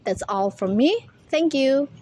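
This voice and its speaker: A young woman, a university student, reading a class presentation aloud in a slow, careful, deliberate way. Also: high-pitched, animated, warm tone, poor audio. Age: young adult.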